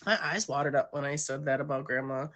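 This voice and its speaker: A woman's voice: a bass voice, fairly even intonation, fast talker, fairly bright tone. A woman hosting a casual livestream, talking straight to her viewers in a rambling, chatty, self-conscious way. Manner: talks directly to viewers. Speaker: livestream host.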